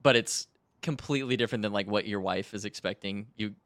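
Jokey animated guy, sharp bright voice, dry close sound. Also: fairly low pitch, fairly quick, no room sound. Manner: joking, animated. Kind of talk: casual chat.

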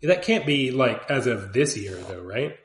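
A man's voice: medium pitch, expressive, unhurried, echoey room. A man co-hosting a casual podcast, wry and teasing in chat.

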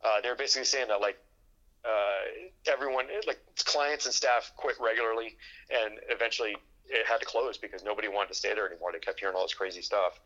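A man's voice: on the low side, steady tone, fast talker, pushed and bright, dull audio. A man telling a long story in casual chat, rambling with fillers and restarts and acting out what people said. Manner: rambling, full of fillers and restarts, acts out quoted dialogue.

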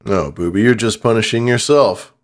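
A man's voice: lowish voice, moderate pace. Easygoing man co-hosting a podcast. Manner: mellow, encouraging, easygoing. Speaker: podcast co-host. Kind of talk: casual chat.

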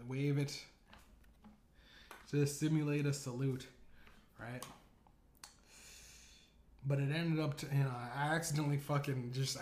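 A man's voice: medium pitch, dark tone, slight background noise. A man hosting a podcast, telling a comedic story in a crude, rambling, casual way full of fillers. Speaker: podcast host. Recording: roomy echo.

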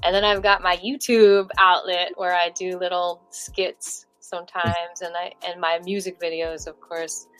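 A woman musician in a casual interview, chatty and animated, with lots of fillers. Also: on the low side, measured pace, hardly any pauses, clean tone, faint music behind, poor audio. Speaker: musician guest.

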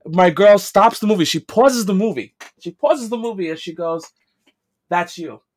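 A man's voice: high-pitched, normal speed. A man with a heavy New York accent, chatting casually and telling stories with defensive, laughing asides. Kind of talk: casual chat.

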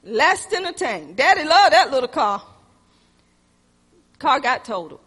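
A woman preaching a sermon, moving between loud exhortation and hushed personal stories, calling her listeners "y'all.". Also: high voice, measured pace, big-room sound. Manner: animated, swings from loud exhortation to hushed storytelling; addresses the congregation as "y'all".

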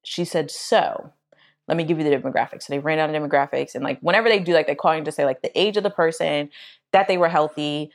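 Lively woman telling a story. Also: quick pace. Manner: animated, acts out quotes in a high voice. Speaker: podcast co-host. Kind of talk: casual storytelling chat.

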